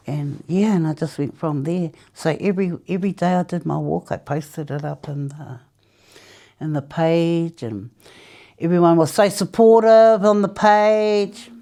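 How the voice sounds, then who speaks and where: A New Zealand woman, a former smoker, is interviewed about giving up cigarettes. Her voice is on the low side, warm and measured, and she tells her story chattily, laughing often and acting out what people said.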